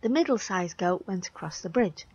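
A woman painter talks cheerfully while she works outdoors by a canal. Her delivery is relaxed and chatty. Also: fairly low pitch, normal speed, husky, lo-fi sound. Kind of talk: casual chat and storytelling.

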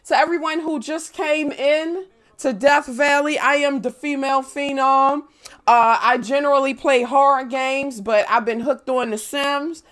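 A young woman live-streaming a game, chatting casually with viewers, playful and profane, breaking into loud squeals when she greets people. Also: high voice, fairly even intonation, measured pace. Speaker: gaming streamer.

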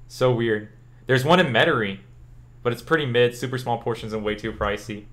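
A man's voice: mid-range voice, a little fast. A young man from Louisiana, a streamer in casual chat with his viewers, talking in a loose, rambling way with lots of "like". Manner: chatty and relaxed, answers chat questions, says "like" a lot.

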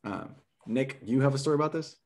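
A young man from Nebraska spins a podcast anecdote, animated and rambling, tripping over restarts and filler words. His voice sits at an everyday middle pitch. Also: brisk. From Nebraska, USA. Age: young adult. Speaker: podcast guest, door-to-door book seller. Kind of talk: casual storytelling on a podcast.

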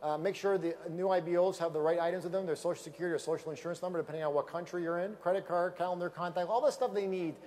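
Guy pumping up a crowd on stage, talks fast, high voice, hammers the same words over and over. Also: long reverb tail. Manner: energetic, emphatic, repeats key phrases for effect. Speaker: business opportunity speaker. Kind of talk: motivational stage talk. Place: event stage with slides.

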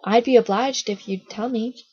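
A woman's voice: fairly high pitch, moderate pace, a little mellow, breathy edge. A woman reading the lines of an indignant, firm twelve-year-old boy in a children's story. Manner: firm, exasperated. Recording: dull lo-fi recording.

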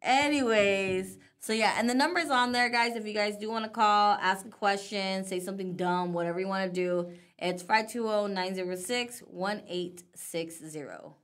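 A woman's voice: mid-range voice, a bit bright. Laughing woman co-host, casual banter. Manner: teasing, laughs often, quick retorts. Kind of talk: casual radio show banter.

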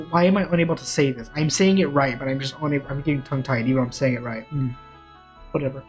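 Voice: medium pitch, fast, soft background music. A let's play streamer giving casual, joking commentary with self-mocking asides while playing a game.

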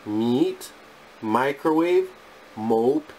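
A male English teacher reciting phonics sounds and words one at a time in a deliberate, clipped drill. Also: mid-range voice, very animated, darkish tone, slight background noise.

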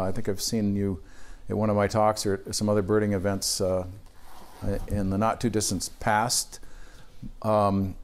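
Older male presenter, low-pitched, easygoing lecture style, self-amused, plenty of fillers. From Wisconsin. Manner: relaxed, chatty, self-amused, frequent uh fillers. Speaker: birding workshop presenter. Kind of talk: casual lecture to a live audience.

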